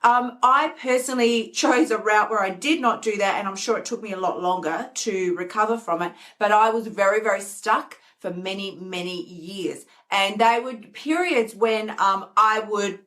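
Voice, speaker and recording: A woman's voice: medium pitch, normal speed, hardly any pauses. A middle-aged woman hosting a self-help live stream, talking casually and animatedly and acting out the voices in her head. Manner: animated, acts out inner voices. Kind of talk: casual motivational talk.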